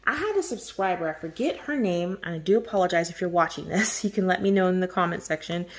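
Woman vlogger, lower-pitched, effusive and giggly, casual gift show-and-tell. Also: expressive, fast talker. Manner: gushing, effusive, laughs often. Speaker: host of a coloring channel. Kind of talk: casual chat showing birthday gifts.

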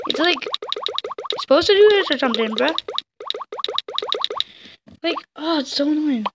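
A woman's voice: sits high, unhurried, long pauses, noisy background. A woman casually commenting while playing a story game, reading the choices aloud and exclaiming often. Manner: excitable, reads choices aloud, frequent exclamations. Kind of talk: casual let's-play commentary.

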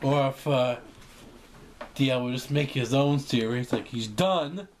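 A young male vlogger with a medium-pitched voice talks unhurriedly to camera, rambling and joking as he acts out imagined conversations. Faint background noise is present in the recording.

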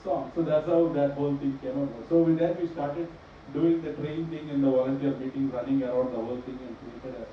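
A man's voice: mid-range voice, brisk, a little hiss or hum. A middle-aged man speaks on a panel, telling stories with a sarcastic, joking edge. He is heard from a distance in a strongly echoing hall, and the sound is dull and muffled. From India. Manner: joking, sarcastic, animated storytelling. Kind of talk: panel discussion. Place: large echoey event hall. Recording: echoey hall recording from far off, dull.

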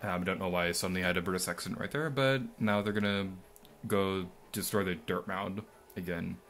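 A man's voice: low voice, steady tone, brisk, a bit bright, a little hiss or hum. A young man giving rambling, mildly sarcastic let's-play commentary, full of ums and asides. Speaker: gameplay commentator.

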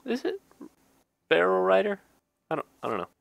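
A gaming YouTuber with a high-sitting, gravelly voice reads card flavor text casually at normal speed, his pitch swinging hugely. The recording is dry, and he cracks jokes, laughs at them, and drops dry asides.

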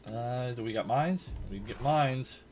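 A man's voice: mid-range voice, measured pace, a little mellow, slight background noise. A young man giving casual commentary on his own gameplay, exasperated, groaning and swearing as his team gets beaten. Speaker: gaming channel host. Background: game music and keyboard typing.

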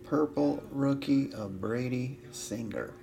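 A man's voice: mid-range voice, takes it slowly, gravelly. A man hosting a live trading card break, chatting and joking with viewers as he calls out cards. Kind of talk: casual live box break chat. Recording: loud crinkling of card wrappers.

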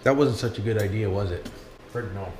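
A man's voice: on the low side, brisk, reverberant, over music. A man from Canada with a Canadian accent, chatting to his viewers as he works in his workshop, cursing and calling them 'boys'. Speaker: vlogger. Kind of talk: casual workshop vlog, talking to viewers.

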